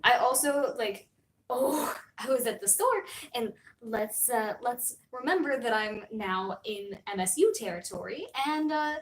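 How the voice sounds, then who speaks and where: A woman's voice: fairly high pitch, lively intonation, a little slow, echoey room. A young American woman streaming, chatting casually in a rambling way, full of fillers and laughs. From United States.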